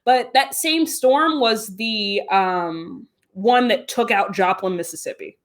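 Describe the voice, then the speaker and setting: A woman guest telling a story in a casual, animated way, full of fillers and quick laughs. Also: mid-range voice.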